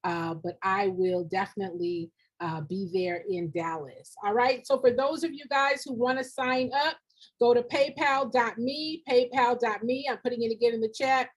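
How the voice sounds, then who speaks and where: A husky, slightly high-voiced middle-aged woman speaks straight to her livestream viewers through a computer mic. She is blunt and preachy, hammers points home by repeating them, and drops in a casual y'all and ain't. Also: steady tone, moderate pace. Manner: direct, preachy, repetitive emphasis; colloquial, says y'all and ain't. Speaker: nonprofit grant consultant. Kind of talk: live-streamed motivational talk.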